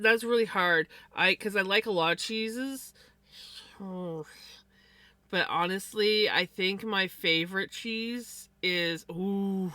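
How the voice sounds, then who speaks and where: A woman's voice: fairly low pitch, pushed and bright, no room sound. A woman hosting a livestream, chatting casually while she crafts. She rambles with many fillers. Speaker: livestream host.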